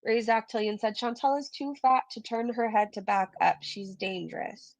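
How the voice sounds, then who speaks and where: A woman's voice: a little high, normal speed, no room sound. A woman doing casual live-stream commentary, chatting and reading viewer comments aloud with blunt, swearing asides.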